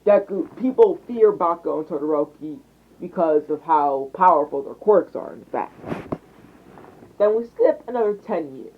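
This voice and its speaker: A man's voice: fairly high pitch, animated, normal speed, slight background noise. A young man narrating an improvised fan story, rambling and hesitant with frequent restarts, over a tinny phone mic.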